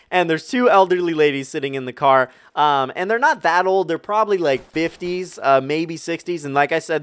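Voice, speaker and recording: A young man vlogging a storytime rant, animated and profane, rambling with lots of fillers. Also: on the high side, clean tone. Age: young adult.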